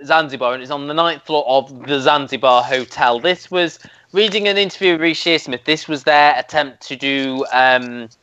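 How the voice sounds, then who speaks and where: A man's voice: mid-range voice, normal speed, sharp tone, smooth, dull audio. A man hosting a podcast, chatting casually and animatedly about TV shows. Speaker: podcast host. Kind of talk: casual TV review chat.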